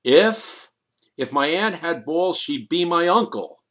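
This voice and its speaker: A man's voice: a little high, animated, moderate pace, pitched above the performer's own voice. A man doing a hot-tempered, bellowing director. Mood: indignant, angry. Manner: loud, indignant, bellowing. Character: hot-tempered male film writer-director, blunt.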